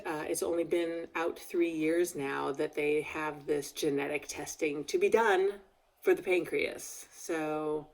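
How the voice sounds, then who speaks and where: A woman's voice: sits low, vocal fry. A woman talking candidly in a personal video diary, emotional and a little tearful, rambling as she goes. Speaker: video diarist. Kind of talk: casual personal vlog.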